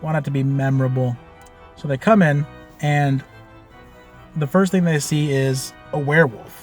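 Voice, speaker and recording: A man telling the story of a tabletop game he ran as game master, in a loose, animated way with lots of fillers and casual swearing. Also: on the high side, moderate pace, soft background music.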